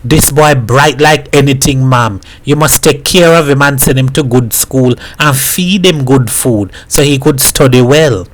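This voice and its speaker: A man voicing a gruff, earnest middle-aged man who talks in Caribbean dialect. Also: medium pitch, unhurried, hardly any pauses, close to an everyday voice, low-quality recording.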